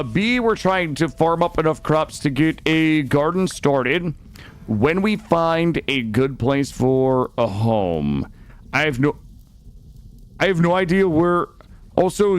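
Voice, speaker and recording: A young man streaming a game, chatting casually with viewers, swearing often and swinging between loud remarks and muttering. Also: on the high side, very animated, takes it slowly, clean tone. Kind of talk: casual gameplay chat with viewers. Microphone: studio microphone.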